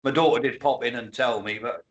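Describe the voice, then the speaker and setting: A man's voice: medium pitch, steady tone, a little fast, lo-fi sound. A man in his sixties co-hosting a casual livestream chat, talking bluntly and swearing offhandedly. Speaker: co-host. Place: home, streaming.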